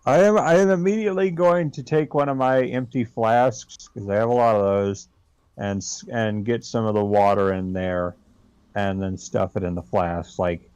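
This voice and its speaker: A man's voice: on the low side, fairly even intonation, normal speed, a little mellow, clear, resonant tone, no echo. A man playing a tabletop game, thinking aloud and hesitating as he describes his moves, on a dull lo-fi mic. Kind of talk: casual play and banter.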